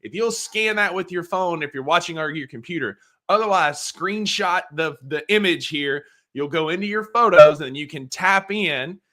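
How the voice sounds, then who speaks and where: A man's voice: on the high side, normal speed, sharp tone. A man co-hosting a sports show in an upbeat, chatty way. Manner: upbeat, chatty, explains at length. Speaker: podcast co-host. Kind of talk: casual sports talk.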